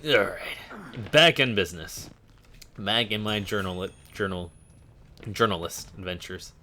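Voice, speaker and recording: A man's voice: on the low side, a little slow, bright, forceful tone, a little hiss or hum. A man streaming a horror game, talking casually and making sarcastic jokes as he plays. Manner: joking, sarcastic asides. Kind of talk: casual gameplay commentary.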